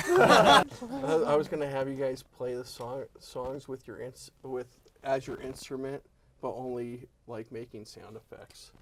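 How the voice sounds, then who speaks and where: A man hosting a casual music interview, excitable and laughing often. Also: medium pitch, measured pace, slight background noise. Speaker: host.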